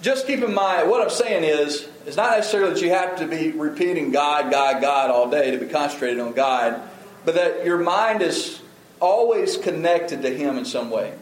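A man's voice: a little high, moderate pace, a little hiss or hum. Earnest preaching man in a roomy hall. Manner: earnest, conversational preaching with frequent restarts. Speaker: pastor. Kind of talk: sermon.

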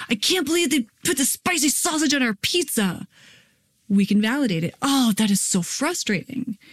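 A woman's voice: mid-range voice, darkish tone. A woman in her thirties hosting a parenting podcast in a casual, chatty way, acting out children's lines. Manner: quick, chatty, acts out kids' lines.

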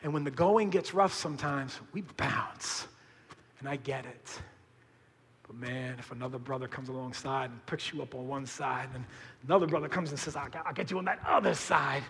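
A man preaching a sermon as pastor, conversational and full of slang, swinging between hushed and shouted emphasis. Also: mid-range voice, moderate pace, long reverb tail.

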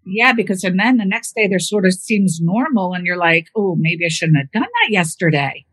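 A woman with a slightly husky, somewhat low and a bit bright voice chats animatedly at a moderate pace, telling stories about caring for her mother. She acts out the voices of people she quotes, and the recording is close and dry with no room sound.

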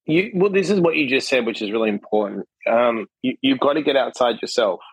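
A man guest on a podcast telling a personal story in casual conversation, animated and acting out what people said, often tagging his lines with a question. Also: mid-range voice, a little fast, slightly rough, no echo, poor audio. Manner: animated, acts out quotes, frequent "right?" tags. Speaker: podcast guest, author and coach.

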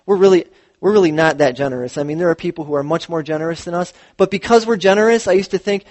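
A man, a pastor, preaching a sermon in a church, with animated storytelling and acted-out quotes. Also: fairly high pitch, quick pace.

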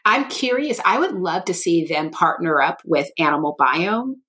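A woman's voice: lowish voice, big pitch swings, moderate pace, sharp tone. A woman co-hosting a podcast, chatting casually and thinking aloud in long, rambling sentences. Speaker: podcast co-host. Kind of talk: casual chat.

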